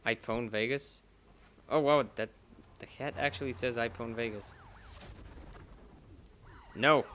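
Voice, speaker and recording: Bright, rambling young-sounding gaming man. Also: mid-range voice, fairly even intonation, slow pace, long pauses, a little hiss or hum. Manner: rambling, self-mocking, jokey. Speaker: game commentator. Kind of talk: let's-play commentary.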